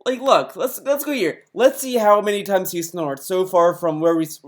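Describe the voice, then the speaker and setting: A man's voice: high voice, normal speed, a little hiss or hum. Rambling man in casual commentary. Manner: rambling, many restarts and fillers. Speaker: commentary youtuber.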